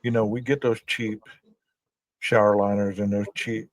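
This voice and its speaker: A man hosting a casual true-crime podcast who reads viewer chat and talks in a measured way, often saying "you know". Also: lowish voice, flat delivery, rough recording.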